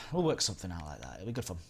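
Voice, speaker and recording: A man's voice: low-pitched, a bit bright, slight background noise. A man with a Northern English accent hosting a casual gaming live stream, rambling and chatting while reading out viewer comments. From England. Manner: rambling, chatty, reads chat aloud.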